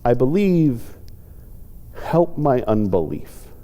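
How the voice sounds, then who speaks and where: Pastor, reflective sermon, mellow dark voice, long church reverb. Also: male voice, sing-song, slow pace. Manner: reflective, acts out quoted pleas with lifted pitch. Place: church sanctuary.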